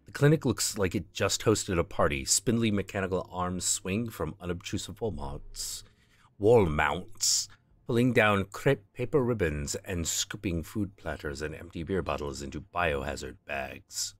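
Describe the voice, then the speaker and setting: A man's voice: deep voice, a little slow, dry recording. A male streamer reading game text aloud with casual asides, on a close desk mic.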